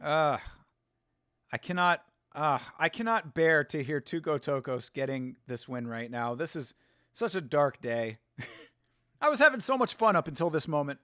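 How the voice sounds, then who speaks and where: Casual male host, slightly high voice, sarcastic and salty, dry close mic, live watch-along. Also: unhurried, dry recording. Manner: animated, profane, sarcastic, laughs often. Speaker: show host.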